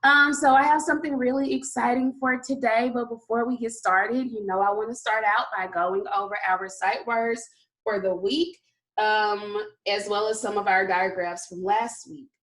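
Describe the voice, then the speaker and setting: A woman teaching a kindergarten phonics lesson online, upbeat and deliberate, drawing out letter sounds for children to repeat. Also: on the high side, steady tone, a bit bright, low-quality recording.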